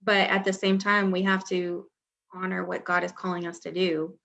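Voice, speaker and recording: A woman co-hosting a casual podcast who speaks earnestly and reflectively, with occasional bursts of excitement. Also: on the low side, normal speed, gravelly. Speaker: podcast co-host. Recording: dull lo-fi audio.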